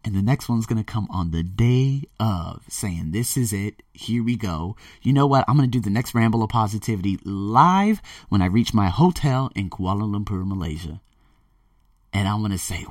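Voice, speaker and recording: Excitable rambling male podcast host. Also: lowish voice, moderate pace, dry recording, clean studio sound, recorded from a distance. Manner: energetic, rambling, swings from loud excitement to hushed earnestness. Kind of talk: motivational monologue.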